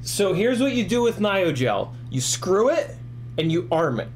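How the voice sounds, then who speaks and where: Tipsy, rambling forties man hosting a casual stream; slightly raised pitch, light background hum. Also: big pitch swings, unhurried. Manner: rambling, profane, ranting, laughs often. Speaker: FPV drone livestream host. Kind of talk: casual livestream chat.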